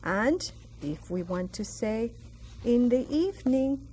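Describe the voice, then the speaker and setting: A woman's voice: fairly high pitch, animated, takes it slowly, warm tone, slight background noise. A woman from Puerto Rico with a Puerto Rican Spanish accent, teaching a Spanish lesson and drawing out each phrase for pronunciation drills. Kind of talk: classroom TV lesson.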